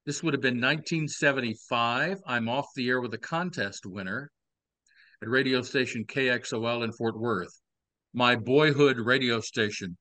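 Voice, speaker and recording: An older Texan man with a Southern accent spins long, wry stories from his past in a relaxed podcast chat. His voice is bright and forward, and it is recorded close and dry, with no room sound behind it. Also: medium pitch, no room sound. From Texas. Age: 60s. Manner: wry, drawn-out storytelling with playful asides. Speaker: podcast host. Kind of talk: casual storytelling chat.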